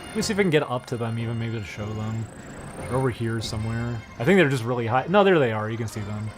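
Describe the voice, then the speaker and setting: Chatting easily as he streams a video game, a man speaks at a quick pace in an animated, medium-pitched voice. Faint music plays underneath, and his laid-back talk gives way to loud fits of laughter.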